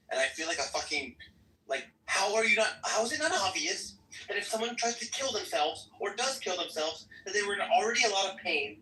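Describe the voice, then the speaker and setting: A man arguing in a heated online voice chat, emphatic and quick to swear. His voice is bright and sits a little high, and it comes across roomy and set back from the mic. A faint hiss runs under it. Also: far from the mic. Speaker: debate participant.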